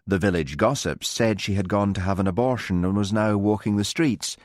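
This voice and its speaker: A man narrating an audiobook with expressive storytelling. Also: lowish voice, brisk, dry recording, studio quality. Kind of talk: scripted narration.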